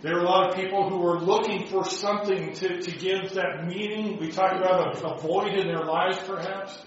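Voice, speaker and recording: Man leading a Bible study, voice a bit high, asks the group questions; roomy, muffled sound. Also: steady tone, normal speed, a little hiss or hum. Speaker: Bible class teacher. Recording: dull echoey room recording.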